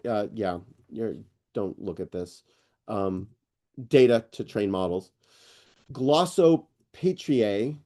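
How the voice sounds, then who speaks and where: A middle-aged man hosting an online AI news session, rambling and excitable, with lots of fillers and restarts. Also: medium pitch. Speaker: host presenting AI news. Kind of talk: casual screen-share walkthrough on a live call.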